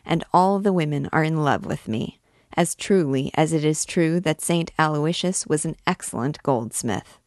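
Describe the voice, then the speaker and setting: A woman's voice: deep voice, expressive, normal speed, darkish tone, no room sound, clean studio sound. A woman reading as a swaggering drunk young student. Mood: boastful. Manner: swaggering, mock-grand declaiming. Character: rowdy boastful young male student, drunk.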